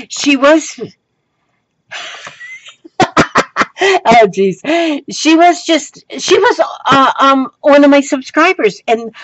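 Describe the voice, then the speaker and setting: Slow, giggly woman crafting vlogger. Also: on the high side, no echo, highs cut off. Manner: rambling, full of ums and restarts, giggly. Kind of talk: casual show-and-tell chat.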